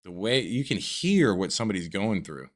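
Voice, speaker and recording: A man's voice: lowish voice, sing-song, normal speed. A man with a Southern American accent on a podcast, chatting casually in a loose, profane, rambling way full of fillers. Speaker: podcast co-host. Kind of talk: casual chat.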